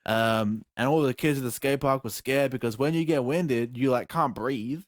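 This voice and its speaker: Young man, casual podcast chat, mid-pitched voice, dry close sound, animated and sweary. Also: normal speed, no echo. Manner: animated, swears freely, laughs and shouts mid-story. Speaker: podcast co-host.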